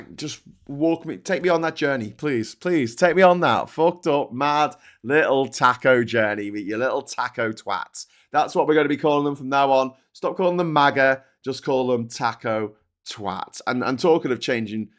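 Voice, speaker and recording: British guy ranting about the news, sweary and sarcastic, stumbles and repeats words, middle pitch that jumps up when he gets going. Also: normal speed, fairly bright tone. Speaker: host of a political commentary show. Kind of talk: casual ranting commentary.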